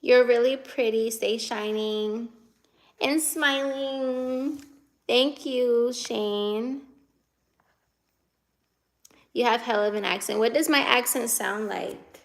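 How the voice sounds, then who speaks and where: A woman's voice: fairly high pitch, measured pace, vocal fry, hardly any pauses. A woman in her twenties from the United States, chatting casually on a live stream and answering viewer comments as she reads them, laughing often. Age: 20s.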